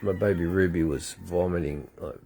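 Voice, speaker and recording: A man's voice: deep voice, normal speed, warm tone, a little hiss or hum. A man, rambling emotionally through a personal faith testimony in a vlog, often repeating himself and welling up. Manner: emotional, repetitive, tearful at times. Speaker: vlogger.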